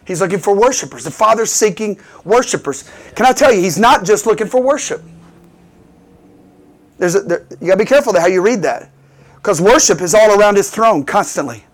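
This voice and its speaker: A man's voice: sits high, animated, fairly quick. A man preaching a sermon in call-and-response style, building to emphatic bursts.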